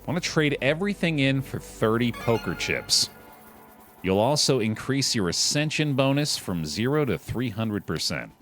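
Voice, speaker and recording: A young man casually commenting on a card game on a live stream, chatty and relaxed, calling his chat dude and bud. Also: mid-range voice, normal speed, soft background music.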